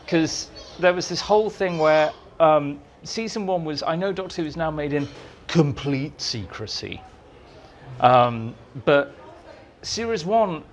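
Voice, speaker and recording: A man's voice: a little high, slight background noise. A man guest at a fan society meeting, telling stories and acting out quotes in voices. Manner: animated, acts out quotes in voices. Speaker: interview guest, writer. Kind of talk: anecdotal storytelling.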